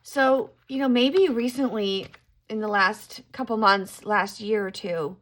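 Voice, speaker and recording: A woman's voice: medium pitch, measured pace, fairly bright tone. A middle-aged woman giving a casual tarot card reading to camera, musing aloud and exclaiming at what she draws.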